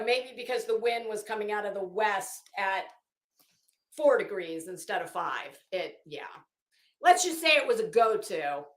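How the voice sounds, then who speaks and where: A woman's voice: a little high, a bit bright, reverberant. A middle-aged woman from Florida with a Florida Southern accent, hosting a casual livestream, chatting frankly, swearing freely and greeting viewers by name. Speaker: livestream host.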